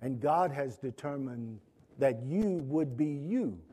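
A man preaching a sermon to his congregation, pausing often, restarting phrases and clearing his throat. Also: mid-range voice, lively intonation, warm tone. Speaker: pastor.

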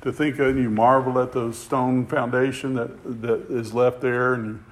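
An impassioned male preacher delivers a sermon at an unhurried, deliberate pace. His voice sits at an ordinary middle pitch, then swells louder and higher whenever he presses a point home. He doubles words and phrases as he builds. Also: level tone. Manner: impassioned, rising in pitch and volume for emphasis, repeats words.

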